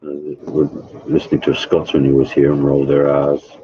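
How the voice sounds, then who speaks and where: A man with a rumbling, very low voice and a rough, husky edge chats loosely with his viewers and greets them by name. His sound comes through thin and narrow, like a phone line, and he talks from home. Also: completely flat delivery, brisk, dark tone. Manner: rambling, addresses chatters by name. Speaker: livestreamer. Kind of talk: casual chat with live viewers.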